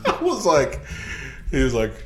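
Animated man telling a story on a podcast. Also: on the high side, a little slow, music in the background. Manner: animated storyteller, acts out quotes, swears. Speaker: podcast co-host. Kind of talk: casual movie review chat.

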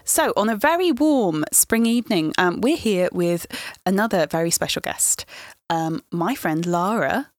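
Chatty English woman host, bouncy lively delivery, laughs a lot, dry close mic. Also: on the low side, a little slow, no room sound, faint music behind. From England. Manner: chatty, laughs often, playful. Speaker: podcast host. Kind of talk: casual chat.

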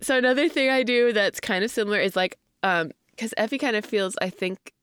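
A woman's voice: medium pitch, a little fast, a bit bright, clear, resonant tone, no room sound, studio quality. A young woman co-hosting a casual parenting podcast, rambling and laughing often. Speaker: podcast co-host. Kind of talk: casual chat.

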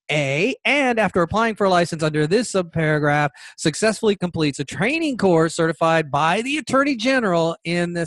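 Indignant podcast host, higher man's voice. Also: fairly bright tone, no echo. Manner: emphatic, indignant, reading legal text aloud. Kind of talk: political commentary podcast.

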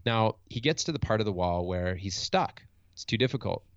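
Middle-aged male coach, low gravelly voice, reflective and earnest, dry lo-fi sound. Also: expressive, normal speed, no room sound. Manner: reflective, earnest, with frequent restarts. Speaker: motivational speaker and coach. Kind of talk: storytelling in conversation. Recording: dull lo-fi dry recording.

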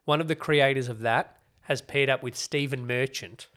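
A man's voice: medium pitch, steady tone, moderate pace, fairly bright tone. Chatty man reviewing TV. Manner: chatty, explaining at length with wry asides. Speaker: podcast co-host. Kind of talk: casual chat reviewing TV shows.

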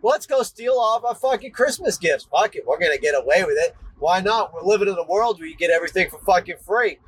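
A man hosting a podcast, delivering an angry, profane rant with shouted bursts. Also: high voice, lively intonation, fast, a little hiss or hum, low-quality recording. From Maine, United States. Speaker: podcast host.

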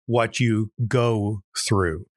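A man hosting a podcast, talking earnestly and telling a story in a drawn-out way. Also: fairly low pitch, steady tone, no echo, studio quality. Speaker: podcast host, doctor. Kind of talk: podcast talk and joke telling.

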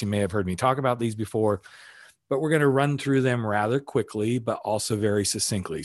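A man's voice: medium pitch, no room sound, studio quality. A middle-aged man hosting his own podcast, coaching listeners through numbered steps in a casual, plainspoken way with the odd swear word. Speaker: podcast host, life coach. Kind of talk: solo podcast talk.

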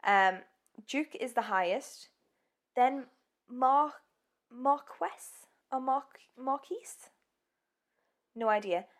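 A woman's voice: medium pitch, creaky. A woman co-hosting a casual true-crime podcast, telling the story in a chatty, giggly way with many ums. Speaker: podcast co-host.

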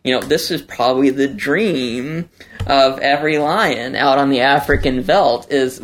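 A man's voice: medium pitch, unhurried. A man co-hosting a casual book club podcast, chatty and rambling with many fillers. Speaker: podcast co-host.

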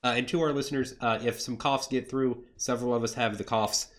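A man's voice: mid-range voice, fairly even intonation, a little fast. A man running a tabletop game as game master, describing the scene in a dry, offhand way.

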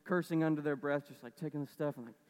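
A man's voice: fairly high pitch, fast, darkish tone, in a large hall. A man preaching a casual sermon, conversational and storytelling, with lots of fillers. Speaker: pastor.

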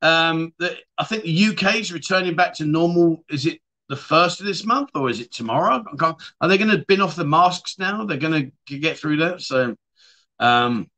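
A man hosting a casual livestream chat show, rambling warmly and reading viewer comments aloud with friendly asides. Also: a little high. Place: lives abroad in Thailand.

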